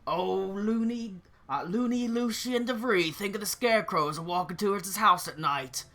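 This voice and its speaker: A man voicing a jeering young tavern bully, taunting and mocking in a raised, loud voice. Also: fairly high pitch, a little slow.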